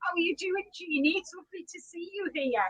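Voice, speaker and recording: A woman's voice: very high-pitched, brisk, a bit bright, poor audio. A woman hosting a casual live-stream chat, greeting viewers by name and laughing often. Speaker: podcast host reading live chat.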